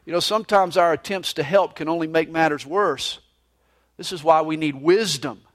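A middle-aged man preaching a sermon, earnest with lively emphasis. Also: sits high. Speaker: pastor.

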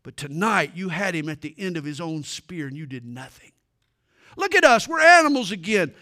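A fiery male warrior scolds his leader in a high, loud voice, as a preacher puts him on. The tone is bright and sharp, pushed hard with emphasis. It sounds like a dramatic reading from the pulpit. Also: sing-song, normal speed, heavily acted. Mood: reproachful. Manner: heated, raised voice. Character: angry, reproachful male warrior.

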